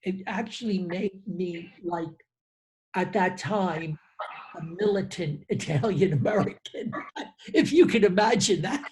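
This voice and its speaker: A man's voice: high-pitched, unhurried, a little mellow. A man co-hosting a casual talk, who often repeats words as he searches for what to say. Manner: hesitant, repeats words while searching for them. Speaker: co-host, PR professional. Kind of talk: casual conversation.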